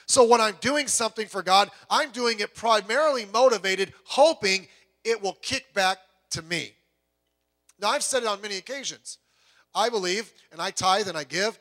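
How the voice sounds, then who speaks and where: A man preaching a sermon as pastor, animated, stumbling over restarts and acting out quotes, swinging between loud bursts and soft low asides.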